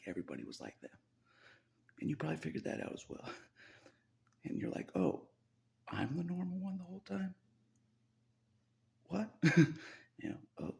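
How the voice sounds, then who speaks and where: Brief: gravelly male vlogger, confessional ramble, wide pitch swings, half-whispered, casual swearing. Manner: rambling, laughs between lines, often half-whispered. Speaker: YouTube channel host. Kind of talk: confessional vlog monologue.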